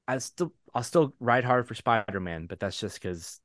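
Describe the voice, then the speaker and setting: A man's voice: medium pitch, animated, normal speed, fairly bright tone, dry recording, studio quality. A man co-hosting a podcast, chatting casually and rambling, with lots of "like" and restarts. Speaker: podcast co-host. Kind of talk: casual chat.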